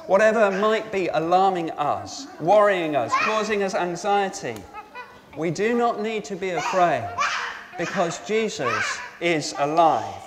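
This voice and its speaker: High-voiced pastor preaching slowly in a church. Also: male voice, animated. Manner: asks the congregation questions and repeats their answers. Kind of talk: Easter all-age sermon. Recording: reverberant church with faint noise.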